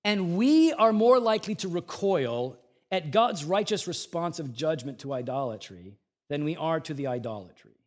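At a normal pace and in an animated manner, the pastor preaches expositorily. His delivery ranges from low, reflective quiet to raised urgency, with scripture paraphrased in an everyday way.

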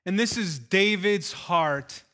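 A pastor delivers a sermon in a high, bright voice. He talks earnestly and conversationally, then builds into forceful, repeated calls to his congregation. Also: slow pace.

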